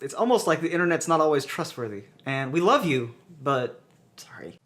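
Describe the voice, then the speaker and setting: Lively, laughing young man telling stories. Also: on the high side, quick pace. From southern United States. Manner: animated, laughing, self-deprecating storyteller. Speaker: podcast co-host. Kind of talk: casual chat.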